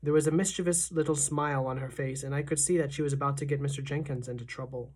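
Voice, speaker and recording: A woman teacher reads a children's novel aloud to her class. Her narration is steady and expressive. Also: very deep voice, fast.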